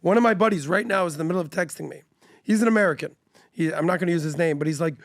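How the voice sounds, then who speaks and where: Blunt guy firing off questions fast, high voice, dry studio mic. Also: no room sound. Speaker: podcast guest. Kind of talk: casual debate.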